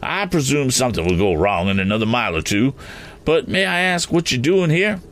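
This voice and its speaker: A man voicing an excitable, eccentric gentleman motorist who rambles and keeps exclaiming fussy oaths in a storybook reading. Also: mid-range voice, fairly quick, voice pushed up. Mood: excited.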